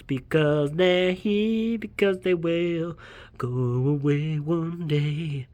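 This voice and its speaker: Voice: mid-range voice, expressive, a little slow, no echo. A book vlogger giving a casual, rambling bookshelf tour at home, joking, swearing casually and slipping into silly voices. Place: home, walking between rooms.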